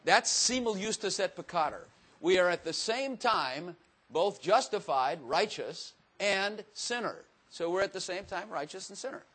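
A man's voice: sits high, animated, unhurried, a bit bright, slightly rough. A man giving a casual, folksy Bible teaching to a room, chatty and self-mocking, often asking his listeners questions. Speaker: teacher or preacher.

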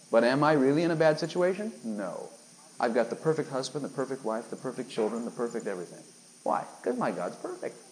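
Animated, high-pitched preacher man. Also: slight background noise, rough recording. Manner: emphatic, asks the listeners rhetorical questions. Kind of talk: sermon.

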